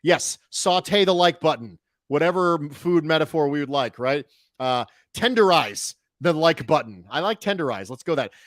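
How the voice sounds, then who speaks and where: A man hosts a casual sports podcast with a lively, slightly high voice that swings up and down. He talks in an animated way with quick jokey asides. The sound is close and dry. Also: no room sound. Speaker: show host.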